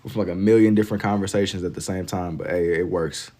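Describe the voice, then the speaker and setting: Young man, from Kentucky, low-ish voice, relaxed, slangy, casual stream talk, reads chat. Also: fast. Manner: laid-back and slangy, reading chat aloud. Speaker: livestreaming artist. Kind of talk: casual livestream chat while drawing.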